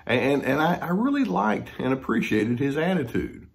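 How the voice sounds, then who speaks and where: A man in his sixties, a therapist, telling a personal story in a gentle, unhurried way with frequent hesitations. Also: medium pitch, very animated, vocal fry. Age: 60s. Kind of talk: reflective storytelling monologue.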